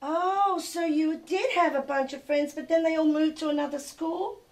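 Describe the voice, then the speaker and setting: A woman's voice: high voice, steady tone, normal speed, slight background noise. An older woman from England hosting a TV show, chatting with a child guest in a gushing, doting, sing-song way. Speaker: TV show host. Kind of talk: casual chat with a child guest.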